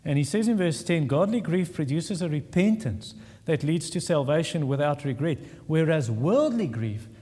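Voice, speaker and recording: A man delivers a sermon, earnest and emphatic, hammering points home by repeating words. His voice sits on the higher side for a man. The sound rings with the long reverb of a large church hall. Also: lively intonation, normal speed, warm tone, slightly rough. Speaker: pastor.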